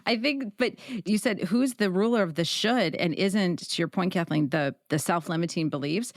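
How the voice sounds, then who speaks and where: A woman's voice: fairly low pitch, normal speed, dry recording, studio quality. A woman from Chicago hosting a podcast, chatty and enthusiastic as she leads a casual interview. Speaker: podcast host.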